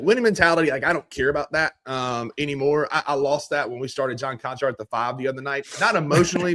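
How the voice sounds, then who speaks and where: Mississippi-accented male podcast host, mid-pitched, laid-back and folksy, sports talk. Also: fairly bright tone. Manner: laid-back, folksy, reads betting picks. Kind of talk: casual sports podcast chat.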